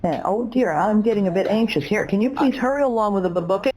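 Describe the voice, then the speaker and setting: A woman's voice: medium pitch, fast, a little mellow, natural voice, low-quality recording. A synthetic woman's voice playing an eccentric elderly caller who rambles and breaks into parrot squawks and chirps. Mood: anxious. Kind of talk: AI voice bot call.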